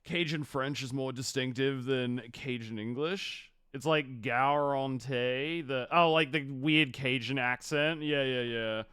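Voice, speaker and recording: A man's voice: mid-range voice, fairly bright tone, clear, resonant tone, no room sound, clean studio sound. A man giving blunt, profane live-stream reaction commentary. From Australia. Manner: blunt, profane, quick to judge.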